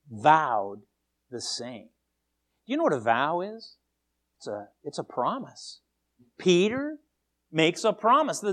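A man preaching a sermon as pastor, emphatic and animated, often repeating words as he starts a sentence. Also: on the high side.

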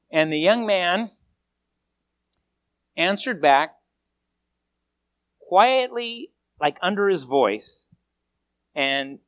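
A preacher tells a story in a sermon, and the voice rises and falls widely to keep listeners hooked. Lines often start over with a repeated word. The delivery stays animated and conversational. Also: mid-range voice, measured pace, long pauses.

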